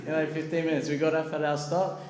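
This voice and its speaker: In an echoey hall with faint background noise, an animated man tells a story, acting out the characters in it. His voice sits on the high side, and he speaks at a normal speed.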